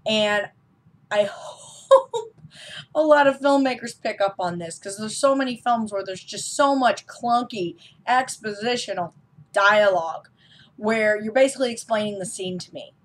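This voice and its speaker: A woman's voice: mid-range voice, moderate pace. A woman giving a casual, enthusiastic film review as a vlog host, with frequent ums.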